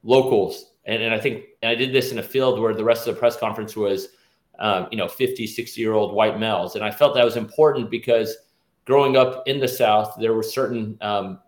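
A man's voice: fairly low pitch, roomy sound. A middle-aged man from the American South, an orthopedic surgeon interviewed as a guest, talking with many restarts and fillers. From Nashville, US South. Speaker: guest, orthopedic surgeon and task force chair. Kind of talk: interview conversation.

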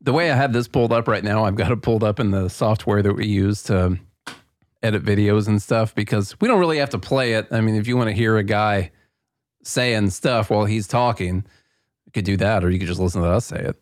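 A man co-hosting a podcast in casual chat, easygoing and quick to laugh along. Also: lowish voice, no echo, studio quality. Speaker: podcast co-host.

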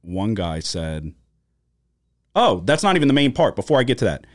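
In a studio podcast with no room sound, this male co-host talks at a moderate pace in a fairly low register. His casual storytelling is animated and profane, full of cursing and acted-out quoted voices.

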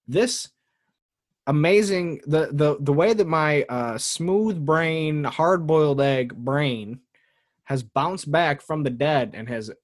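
A man hosting a casual sports podcast, talking in an animated way with frequent laughs and mock impressions. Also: fairly high pitch, slow pace. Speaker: podcast host.

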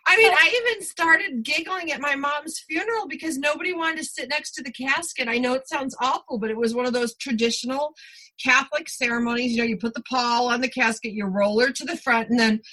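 A woman's voice: sits high, brisk, pushed and bright, rough recording. A woman hosting a casual chat, self-deprecating and giggly.

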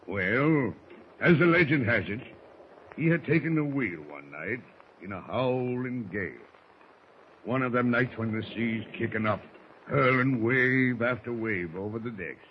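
An actor playing a gruff, salty ship's first mate who talks in hearty seafaring dialect, in 1940s radio drama style, on a dull, faintly hissy old radio recording. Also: male voice, mid-range voice, animated, unhurried, close to an everyday voice. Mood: gruff yarn-spinning.

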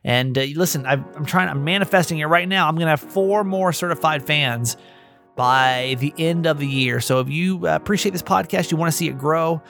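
A man's voice: fairly high pitch, fairly quick, gravelly, a bit bright, soft background music. A man hosting a podcast in a chatty, rambling monologue, often restarting his sentences. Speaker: podcast host.

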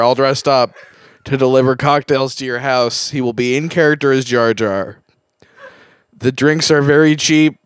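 A man hosting a comedy podcast, reading a fake ad deadpan and then pleading desperately. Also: mid-range voice, dry recording, clean studio sound. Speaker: podcast host. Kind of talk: mock ad read, comedic improv.

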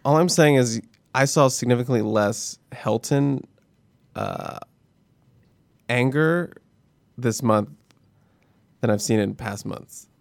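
A man's voice: mid-range voice, takes it slowly, gravelly, pauses often, dry recording. Casual man hosting a sports chat. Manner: offhand, laughing while making predictions. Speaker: show host.

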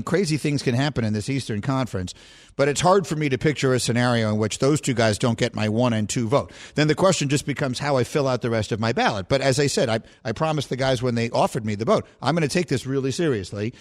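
A man's voice: medium pitch, quick pace. Emphatic male sports talk host. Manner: animated, emphatic, self-correcting.

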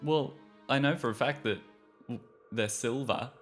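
A man's voice: medium pitch, unhurried, a bit bright, faint music behind, lightly acted. A man voicing a tiefling druid shepherd who talks mildly and earnestly about the balance of nature. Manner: mild, earnest, lecturing.

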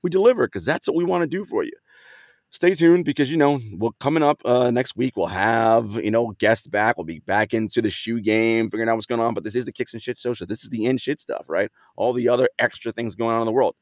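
A man's voice: mid-range voice, fast talker, no room sound, clean studio sound. A man hosting a podcast, chatting in a laid-back way with frequent fillers and easy laughs. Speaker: podcast host. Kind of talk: casual chat.

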